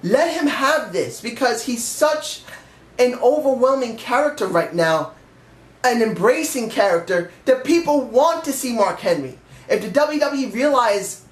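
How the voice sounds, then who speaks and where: A man's voice: very high voice, lively intonation, measured pace. A man giving a rambling, emphatic and candid casual review of a wrestling show. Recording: echoey room.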